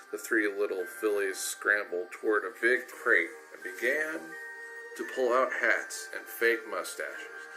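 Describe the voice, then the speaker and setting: A man's voice: fairly low pitch, lively intonation, a little slow, over music, rough recording. A man giving a casual cold reading of a story aloud, often stumbling and correcting himself. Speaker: reader.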